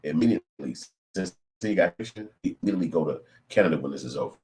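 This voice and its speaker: Low voiced middle aged guy, cussing, telling stories casual. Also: racing. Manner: profane, animated storytelling. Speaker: channel host. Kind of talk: casual commentary.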